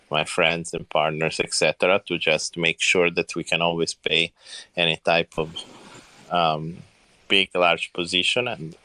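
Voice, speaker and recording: A man, a project founder answering questions in a live audio Q&A, halting with many fillers and phrasing. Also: sits low, sharp tone, no room sound.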